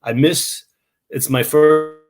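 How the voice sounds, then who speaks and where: Man talking haltingly on a video call. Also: on the high side, fairly even intonation, over music. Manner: halting, restarts often, explains at length. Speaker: interview guest. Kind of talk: casual remote interview.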